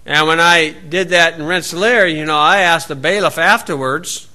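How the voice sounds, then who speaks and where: Man, sermon, high voice, bright tone, sarcastic folksy asides. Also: a little slow. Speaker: preacher. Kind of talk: sermon, Bible reading with commentary.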